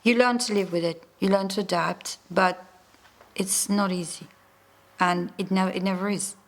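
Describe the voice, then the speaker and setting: A woman's voice: medium pitch, fairly even intonation, moderate pace. A woman interviewee speaking reflectively, a little weary.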